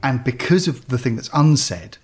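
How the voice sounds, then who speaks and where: A man's voice: medium pitch, lively intonation, normal speed, soft background music. A man hosting a podcast in casual, emphatic chat. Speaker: podcast host.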